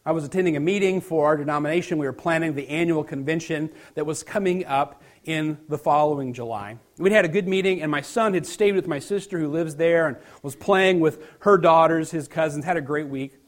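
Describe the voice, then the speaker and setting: Middle-aged male pastor, slightly high voice, relaxed storytelling sermon with quiet emphatic drops.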